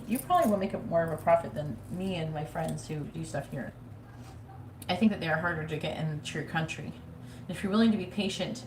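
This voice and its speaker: Giving a tarot reading over a live stream, this psychic is frank and foul-mouthed, often mimicking nagging voices. Her voice sits fairly low, with slight background noise in an echoey room that has faint ambience.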